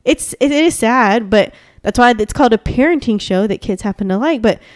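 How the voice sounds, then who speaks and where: A woman's voice: a little high, lively intonation, moderate pace, no echo, clean studio sound. A woman co-hosting a podcast in casual chat, gushing and rambling with lots of fillers. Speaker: podcast co-host.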